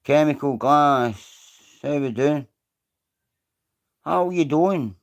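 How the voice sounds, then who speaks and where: This livestream host is a Scottish man whose voice sits on the high side, and he draws his words out. The stream is casual, and he rambles, swears without restraint, and says hello to viewers by name.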